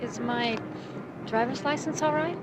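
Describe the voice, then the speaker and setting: A woman's voice: a little high, unhurried, over loud music, lightly acted. Actress playing a nervous young college girl. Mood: defensive. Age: young adult. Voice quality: pleading, defensive. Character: nervous young college woman, new to town. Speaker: young woman hitching rides. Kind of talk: 1970s TV crime drama acting.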